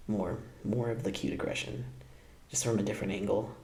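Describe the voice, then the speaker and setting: A man's voice: fairly low pitch, fairly even intonation, a little fast, a little mellow, echoey room. A man hosting a casual reaction video, laughing often and tossing out playful asides.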